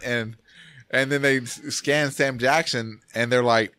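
Excitable man chatting about movies. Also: mid-range voice, a little slow, pauses often, no room sound. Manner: animated, rambling, laughs often. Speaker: podcast host. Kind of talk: casual movie review chat.

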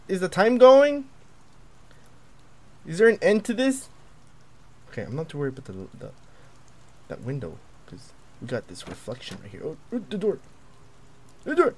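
A young man commentating a horror game as he plays, jumpy and excitable, yelping and taunting the monster. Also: mid-range voice, slight background noise. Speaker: gaming video creator.

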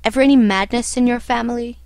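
An old, odd foreign doctor speaks calmly and matter-of-factly, as a woman reads him aloud. The voice sits a little high and is recorded close and dry. Nothing seems to ruffle him. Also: moderate pace, no echo. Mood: calm, detached. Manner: matter-of-fact, imperturbable. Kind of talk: audiobook character reading.

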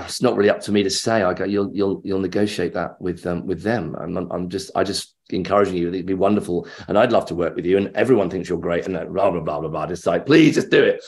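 A middle-aged actor interviewed as a guest, telling anecdotes in a lively way and acting out the voices of the people in them. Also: male voice, lowish voice.

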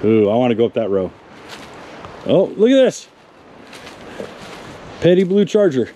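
Slow-talking man touring a junkyard. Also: medium pitch, very animated, mellow, a little hiss or hum. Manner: chatty, talks to viewers and cars. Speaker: car magazine presenter. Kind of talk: casual walkaround commentary. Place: outdoors in a wooded salvage yard.

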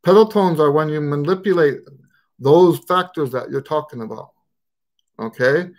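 A man's voice: fairly high pitch, normal speed. An American man with a mixed, shifting regional accent, hosting a trumpet Q&A live stream in a rambling, casual way with many fillers. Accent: mixed American, Texan and Western Pennsylvania touches. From United States.

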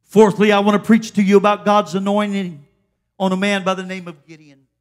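A woman's voice: mid-range voice, flat delivery, brisk. A woman preaching a fervent Pentecostal sermon at a church service, exhorting the congregation. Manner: fervent, exhorting, with repeated calls of "come on".

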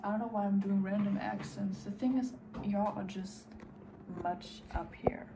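A woman's voice: mid-range voice, steady tone, moderate pace, creaky, very noisy. A woman chatting casually while reacting to an album, musing aloud and sometimes dropping to a whisper. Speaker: music reaction host.

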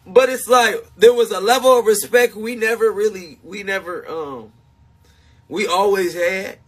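High, breathy-voiced man livestreaming. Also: a little slow. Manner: emphatic and confessional, repeats himself; laughs often between points. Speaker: live streamer talking to supporters. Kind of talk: casual livestream chat.

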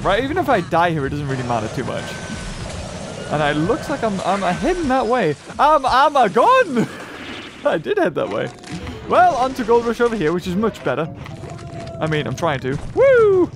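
This is a man with a high, very lively voice, chatting through a session of a game he is playing. He reacts out loud, calls out to the game and breaks into laughs. Game music plays clearly behind him. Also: brisk. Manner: excitable, talks to the game, yelps and laughs. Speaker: gaming channel host. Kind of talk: casual gameplay commentary.

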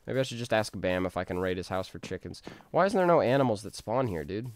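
A man's voice: on the low side, animated, fast, no echo. A man giving casual, rambling gameplay commentary, talking to himself with jokey outbursts. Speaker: gaming streamer.

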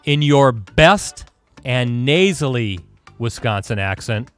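A man hosting a quiz game on a live online show, keeping up a quick, upbeat game-show patter over a video call. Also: medium pitch, expressive, fairly bright tone, soft background music. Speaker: host.

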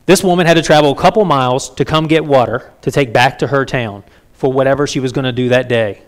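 A man's voice: medium pitch, quick pace. A man preaching a sermon in a conversational way, often checking in with the congregation. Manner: conversational, asks the congregation frequent questions. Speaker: pastor.

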